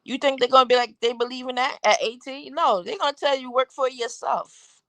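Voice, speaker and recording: A woman's voice: sits high, steady tone, fast talker, fairly bright tone, no echo. A woman hosting a live talk show, rambling through her opinions and asking the audience one rhetorical question after another. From Caribbean. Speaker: host.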